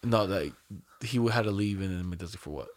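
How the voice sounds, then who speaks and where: A man's voice: fairly low pitch, fairly quick. A young man hosting a casual podcast, telling a story in a rambling, slangy and profane way with lots of fillers. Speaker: podcast host.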